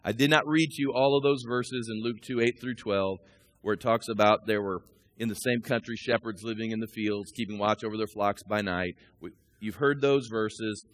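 A man in his sixties preaching a sermon, talking through scripture and personal stories and building to loud, rising peaks. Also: on the low side, normal speed. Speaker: pastor.

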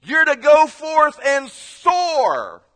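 A man voicing a fiery male duck preacher who urges his flock to fly, preaching loudly with drawn-out words. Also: very high voice, huge pitch swings, long reverb tail, voice pushed up, heavily acted. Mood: fervent.

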